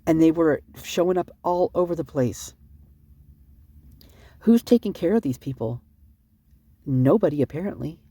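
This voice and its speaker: Husky rambling vlogger, upset and sleepless. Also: mid-range voice, mellow, no room sound. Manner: fast, rambling, self-interrupting. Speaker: vlogger reading police reports. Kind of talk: rambling commentary vlog.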